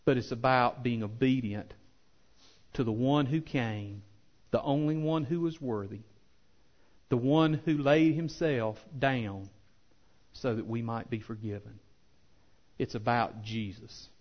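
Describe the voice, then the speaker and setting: A pastor preaching a sermon with impassioned swells that drop to soft, earnest appeals. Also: male voice, medium pitch, measured pace, dull audio. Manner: impassioned preaching, rising loud then softening.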